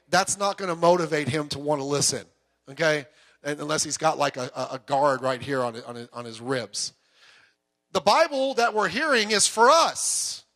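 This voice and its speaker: Over the PA in a church sanctuary, a bright, high-voiced pastor delivers a sermon. His preaching is conversational, with asides and anecdotes throughout.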